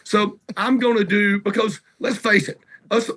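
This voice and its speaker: Southern man, high bright voice, rambling storyteller guest. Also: fairly even intonation, measured pace. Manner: rambling, salty anecdotes. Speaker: guest musician. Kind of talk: casual interview storytelling. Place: garage.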